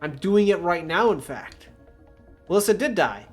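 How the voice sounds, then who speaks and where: A man's voice: sits high, very animated, normal speed, soft background music. A man streaming a video game live, commenting in a sarcastic, profane, mocking way.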